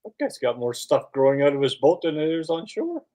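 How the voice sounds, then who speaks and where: A man's voice: fairly high pitch, very animated, brisk, warm tone. A man co-hosting a casual podcast chat who drops dry wisecracks.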